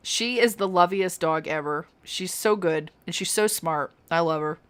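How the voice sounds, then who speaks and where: A woman's voice: fairly low pitch, normal speed, clear, resonant tone. A young adult woman streaming a fantasy game, chatting casually and giggling as she plays. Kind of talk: casual gameplay commentary.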